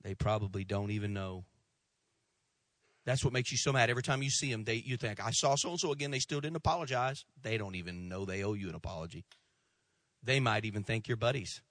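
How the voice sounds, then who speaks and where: A male pastor preaching a sermon, animated, with swings from loud emphasis to hushed asides and acted-out quotes. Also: on the low side, brisk, no room sound, clean studio sound. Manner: tells jokes and acts out quoted voices.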